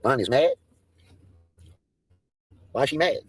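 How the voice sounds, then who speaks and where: A man's voice: medium pitch, expressive, takes it slowly, breathy edge, no room sound. A man hosting a livestream, ranting in a profane, confrontational way that keeps restarting and repeating itself. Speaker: livestream host. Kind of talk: heated livestream rant.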